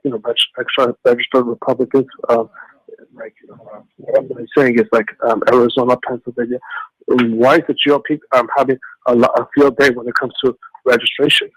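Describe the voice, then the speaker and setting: A man's voice: mid-range voice, little pitch movement, fairly quick, husky, no room sound, poor audio. A man calling in to a radio show, rambling with constant "like, you know" fillers and stumbling restarts. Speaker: radio caller. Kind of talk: phone-in talk.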